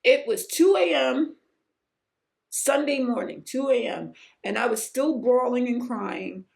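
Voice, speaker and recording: A woman hosting her own podcast, telling a personal story in an earnest, emotional way that sometimes rises almost to a shout. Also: unhurried, creaky. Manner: emotional, earnest, rising to near-shouts at high points; breaks off to hush a pet in a low, quiet voice. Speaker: podcast host.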